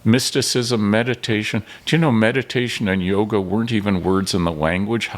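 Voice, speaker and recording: A man's voice: fairly low pitch, brisk. An older man from Canada, a filmmaker and podcast guest, telling stories animatedly and acting out the dialogue. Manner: animated storyteller, acts out dialogue. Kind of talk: storytelling in casual interview.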